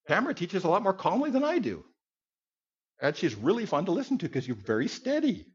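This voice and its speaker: Male Bible teacher, husky, higher voice with a lively swinging pitch, folksy teaching manner, dull lo-fi recording. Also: brisk. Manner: conversational, folksy, with asides and sudden loud outbursts. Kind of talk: sermon teaching to a group.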